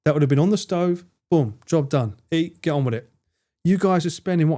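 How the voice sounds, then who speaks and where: A man's voice: on the high side, dark tone. A British man streaming live, bantering with his chat, joking and swearing freely. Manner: banter with chat, frequent swearing, quick jokes. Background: faint guitar music.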